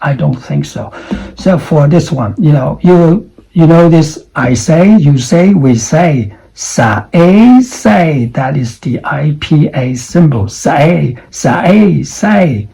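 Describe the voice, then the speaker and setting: A male English teacher walks through pronunciation one word at a time, repeating each sound and putting questions to the viewer. His delivery is unhurried and his voice has a husky, mellow grain. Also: a little high, low-quality recording. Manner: drills words slowly, repeats sounds, asks the viewer questions. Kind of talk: pronunciation lesson.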